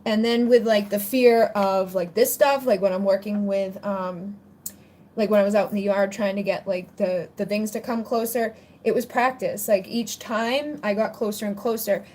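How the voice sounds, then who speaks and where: A woman hosts a casual livestream Q&A on spiritual topics, answering viewer questions in a chatty, rambling way full of "like" fillers. Her voice is medium-pitched and darkish, steady in tone, at a moderate pace, with a slight hiss or hum in the recording.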